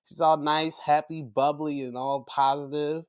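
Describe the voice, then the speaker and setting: A man hosting a podcast, recapping matches in casual, profane talk and acting out quotes in a high voice. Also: flat delivery, measured pace. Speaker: podcast host.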